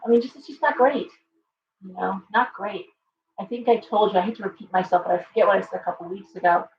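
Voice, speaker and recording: A woman hosts a loose, rambling live chat, stopping to greet viewers by name. Her voice has a gravelly edge and sits away from the mic. The room is echoey, the sound is dull and lo-fi, and a faint hum runs underneath. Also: medium pitch, far from the mic. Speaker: shop owner and live show host. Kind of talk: casual live-stream chat.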